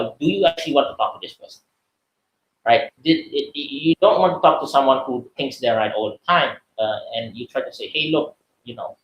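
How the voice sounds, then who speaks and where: A man's voice: mid-range voice, fairly bright tone, highs cut off. Chatty man lecturing in an echoey room. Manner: chatty, many fillers and "right?" tags. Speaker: webinar speaker. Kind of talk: casual lecture answering questions.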